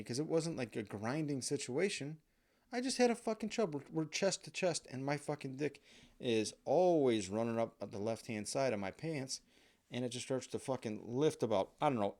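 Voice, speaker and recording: A man's voice: medium pitch, a little mellow. A man hosting a podcast, telling a comic personal story in a profane, self-mocking, rambling way. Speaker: podcast host.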